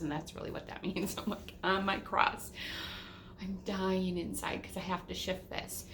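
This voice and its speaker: A middle-aged woman giving a casual spiritual talk, telling stories with animated swings between whispers and exclamations and swearing casually. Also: mid-range voice, moderate pace, a little hiss or hum. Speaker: spiritual teacher. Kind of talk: casual spiritual teaching monologue.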